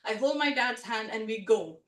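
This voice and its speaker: A woman telling a personal story at a live story swap, chatty and animated, full of "like" and "you know". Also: on the high side, moderate pace. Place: storytelling event room with a live audience. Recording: roomy sound from a distant mic.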